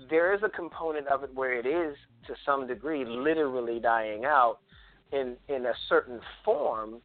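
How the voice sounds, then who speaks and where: This is a man from South Carolina whose speech carries a Charleston accent. He lays out his points in a measured, patient way, like a guest walking an interviewer through a subject. His voice comes through a thin, phone-like line. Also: medium pitch. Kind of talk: explanatory conversation.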